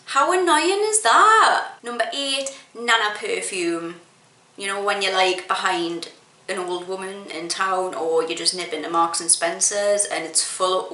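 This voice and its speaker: Young English female vlogger, bright voice, sweary exasperated rant, echoey room. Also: mid-range voice. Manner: exasperated, sweary, animated ranting. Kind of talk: casual ranting monologue. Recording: roomy echo.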